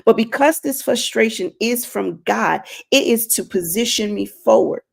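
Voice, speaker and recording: A woman talks straight to her viewers in a faith-based live stream, earnest and a little preachy. She keeps circling back to her point and repeats it for weight. Her voice sits fairly high with a gravelly, creaky edge. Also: lively intonation, moderate pace. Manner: addresses viewers directly. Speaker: inspirational streamer.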